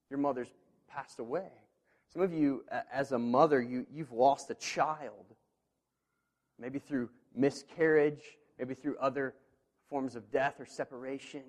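A man preaching a sermon as pastor, earnest and conversational, swinging between quiet, intimate asides and loud, emphatic passages. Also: mid-range voice. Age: parent of children. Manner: earnest, with conversational fillers and restarts.

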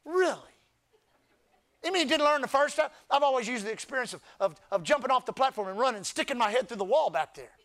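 A man with a very high voice preaches to his church, moving between quiet talk and loud shouting. He calls out for the crowd to repeat words after him. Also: lively intonation, fast. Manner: preaching, often rising to shouts with crowd call-and-response. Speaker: pastor. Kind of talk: sermon. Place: church service.

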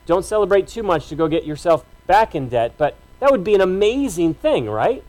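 A man with a notably high voice for a male speaker delivers a sermon from the pulpit. He talks to the congregation in a conversational, emphatic way, piling up short repeated phrases. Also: very animated, a little fast, darkish tone, rough recording. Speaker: pastor.

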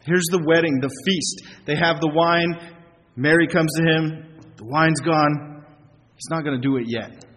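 A middle-aged pastor preaches with earnest conviction, throwing rhetorical questions at his listeners and slowing down to stress key words. His voice sits fairly high for a man. A long reverb trails his words through the church, with a faint hiss underneath. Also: fairly even intonation, a bit bright. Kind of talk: sermon.

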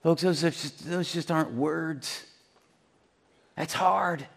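A man pastor preaching a sermon, swinging between hushed, near-whispered lines and loud, emphatic ones. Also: a little high, a little slow, vocal fry, big-room sound.

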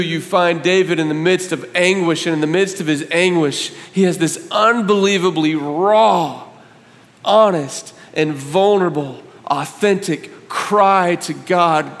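A man preaching a sermon, reading scripture aloud with building passion that rises toward near shouts. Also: fairly high pitch, unhurried, big-room sound. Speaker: pastor.

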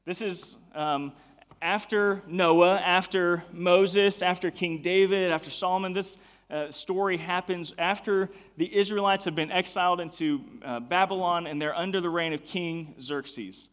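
A man's voice: high-pitched, a little slow, a bit bright. A young adult man giving a casual youth sermon in a chatty way. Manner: casual, chatty, many fillers. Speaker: youth pastor.

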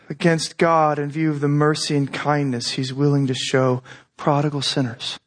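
A man preaching a sermon in a conversational way, with asides and restarts, acting out quoted voices. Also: moderate pace. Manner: animated, acts out quoted voices with rising pitch. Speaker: pastor.

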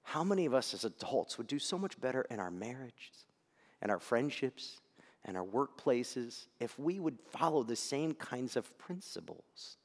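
Male pastor preaching, animated, goes soft to almost whispers, big echoey room. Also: medium pitch, normal speed. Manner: animated storytelling, dropping to near-whispers. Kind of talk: sermon. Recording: echoey hall.

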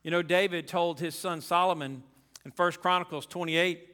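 A man's voice: fairly high pitch, steady tone, normal speed, pushed and bright, big-room sound. A pastor preaching a sermon to his congregation, emphatic and folksy, repeating his key phrases.

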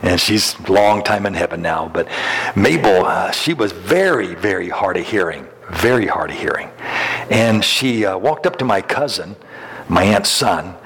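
A man's voice: sits low, animated, measured pace, fairly bright tone, breathy edge. A middle-aged man preaching a sermon, telling folksy stories with chuckles and frequent restarts. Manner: folksy, chuckles through anecdotes, many restarts. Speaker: pastor. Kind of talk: sermon with storytelling. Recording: long hall reverb.

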